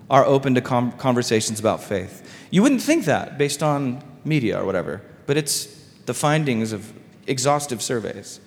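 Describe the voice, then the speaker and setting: A man's voice: fairly high pitch, long reverb tail. A man preaching a sermon as pastor, casual and conversational, full of fillers and asides. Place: church sanctuary.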